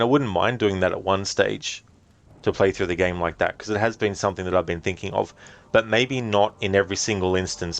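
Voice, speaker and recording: A man streaming a game live, reading and answering chat in a relaxed, chatty way and laughing often. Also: deep voice.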